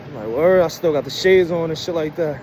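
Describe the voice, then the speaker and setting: A man's voice: on the high side, quick pace, a little mellow. A young man with a Brooklyn accent, casually telling a story in a loose, slangy way and often asking "you know what I'm saying". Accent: Brooklyn, New York. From Brooklyn, New York. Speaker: vlogger. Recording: noisy outdoor street recording.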